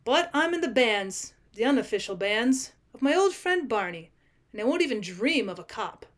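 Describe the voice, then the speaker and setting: A woman reading the lines of a vain, arrogant male criminal, giving them a brash, louder delivery than her narration. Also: fairly high pitch, sing-song, moderate pace. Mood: boastful.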